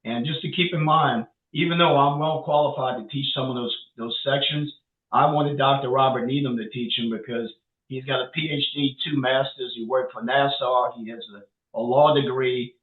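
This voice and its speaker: A man's voice: mid-range voice, fairly even intonation, moderate pace. Man with a New Orleans accent on a tinny call. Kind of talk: live Q&A webinar. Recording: distant tinny call audio in echoey room.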